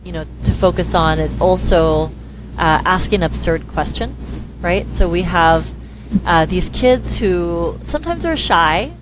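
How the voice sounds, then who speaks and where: A woman speech therapist talking in an interview, lively and quick to act out the voices of children and parents. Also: fairly low pitch, noisy background. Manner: lively, acts out quoted dialogue in voices. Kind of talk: conversational interview.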